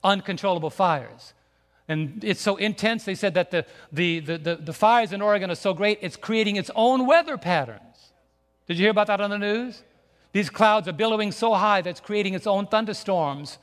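Male pastor, high voice, emphatic repetitive sermon delivery, long church-hall reverb. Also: moderate pace, fairly bright tone. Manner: emphatic, repetitive preaching with restarts. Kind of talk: sermon with slides. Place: church sanctuary.

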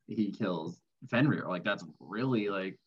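A man's voice: low voice, measured pace, slightly rough, muffled recording. A man co-hosting a casual podcast, rambling with many fillers and restarts. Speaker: podcast co-host.

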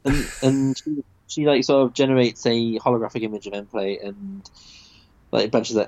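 A man's voice: medium pitch, level tone, moderate pace, a little mellow, dull audio. A man chatting casually about a comic book, rambling with many fillers and restarts.

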